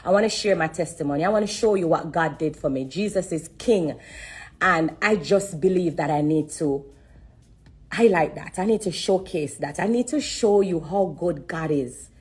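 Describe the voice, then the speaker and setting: A woman giving an emotional testimony on a live stream, religious and repetitive, pausing to breathe and fight back tears. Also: fairly low pitch, darkish tone, slightly rough. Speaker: live streamer sharing her story.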